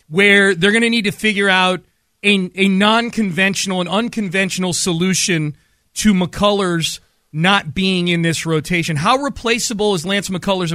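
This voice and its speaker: A man hosts sports talk radio in a brisk, analytical way. His voice sits high and sounds bright, and the studio sound is close and dry. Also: no room sound.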